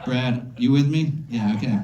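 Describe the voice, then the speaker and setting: A man doing a stand-up set at a comedy club, rambling, calling out to audience members, and jumping into high silly voices for quotes. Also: normal speed, dull audio, background noise. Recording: echoey club room. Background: audience laughter.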